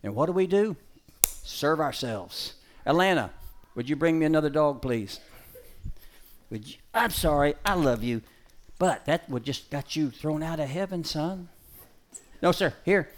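A middle-aged man presents a live dog-training show. He shouts commands at the dog in bursts, jokes with the crowd, and drops into a soft, preachy tone. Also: on the high side, animated, unhurried, pauses often. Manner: jokey crowd banter.

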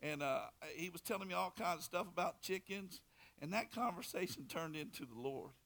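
A man delivers a fervent sermon testimony, his voice pitched a little high and full of gravelly fry. He swings between loud, emphatic bursts and hushed, intimate asides as he tells his story. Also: animated, brisk, slight background noise. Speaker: preacher.

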